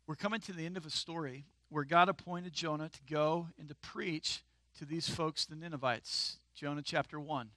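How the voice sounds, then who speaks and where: Animated, bright-voiced male preacher. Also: fairly high pitch, no room sound. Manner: animated, conversational preaching with emphatic outbursts. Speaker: pastor. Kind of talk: sermon.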